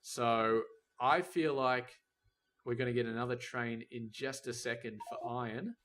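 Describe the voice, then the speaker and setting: Man, mid-pitched voice, casual gameplay commentary, muses aloud, scolds the in-game robots. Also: steady tone, measured pace, fairly bright tone, slight background noise. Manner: thinking aloud, talks to the game's robots and trains. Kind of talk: casual let's-play commentary.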